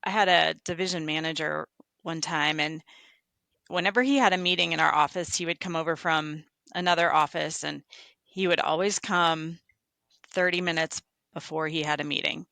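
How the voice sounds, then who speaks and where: A woman's voice: low-pitched, normal speed, creaky, no echo. A woman, a construction estimator, talking reflectively in a casual interview and telling workplace stories. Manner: reflective, animated storytelling. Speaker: podcast guest, construction estimator.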